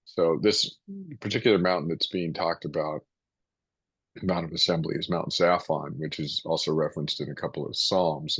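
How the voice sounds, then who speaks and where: A man reading scripture aloud and then explaining it in a loose, hesitant teaching style, clearing his throat now and then. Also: a bass voice, a bit bright, no room sound, dull audio. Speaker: Bible teacher.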